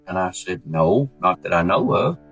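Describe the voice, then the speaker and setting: A man telling a true story in a folksy, animated way, acting out the voices he quotes. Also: sits low, moderate pace, slightly rough, faint music behind. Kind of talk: casual spoken storytelling.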